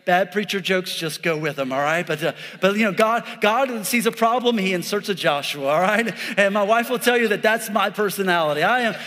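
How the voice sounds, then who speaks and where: A man's voice: high-pitched, brisk, few pauses, sharp tone, long reverb tail. A man in his forties, a pastor preaching a sermon in a church in a joking, conversational way, often checking in with the congregation. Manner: joking, conversational preaching with frequent "all right?". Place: church sanctuary.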